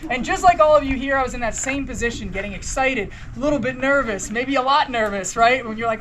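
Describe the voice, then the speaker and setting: A woman's voice: on the high side, brisk, fairly bright tone. A young woman giving a motivational talk to runners at a race event, telling a story and acting out the dialogue with casual slang. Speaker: motivational speaker at a race briefing. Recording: noisy outdoor ambience.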